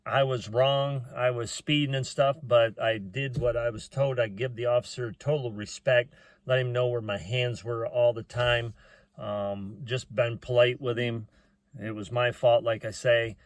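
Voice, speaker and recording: A man's voice: mid-range voice, steady tone, measured pace, dry recording. A middle-aged man telling a personal story in a rambling, folksy way, with plain talk and lots of "uh" fillers.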